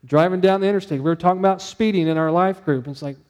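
A male pastor preaching a conversational sermon, animated and acting out his own inner dialogue. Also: high-pitched, quick pace, in a large hall.

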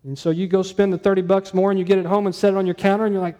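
A man's voice: high-pitched, little pitch movement, racing, warm tone. A man preaching a sermon to his church, talking conversationally and asking the room questions. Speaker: pastor.

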